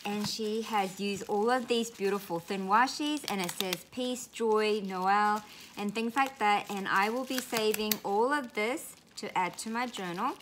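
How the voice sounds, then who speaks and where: Woman, craft vlogger, casual unboxing, gushing, repeats words, mid pitch. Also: unhurried, a bit bright, a little hiss or hum. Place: home, lives in Australia.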